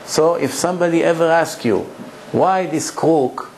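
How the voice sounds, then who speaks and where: A man's voice: fairly high pitch, a little slow, a little mellow, a little hiss or hum, rough recording. A man, a rabbi, giving a Torah lecture to a live audience, preaching emphatically and telling stories with rhetorical questions.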